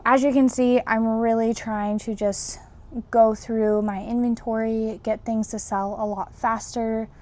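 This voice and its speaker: A woman's voice: fairly high pitch, dark tone. A young woman casually vlogging about her reselling business, chatty and full of fillers as she shows items to the camera. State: a little out of breath. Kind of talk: casual vlog narration.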